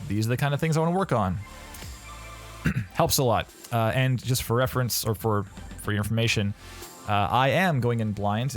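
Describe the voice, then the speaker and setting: A man with a fairly low voice hosts a casual livestream, chatting in a loose, playful way. He rambles along with plenty of fillers and restarts. Faint music plays underneath. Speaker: livestream host reviewing game audio demo reels.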